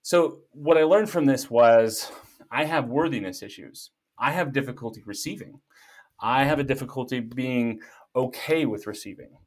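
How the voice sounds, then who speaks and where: Middle-aged male guest, lively jokey storyteller, conversational. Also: medium pitch, normal speed. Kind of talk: casual storytelling.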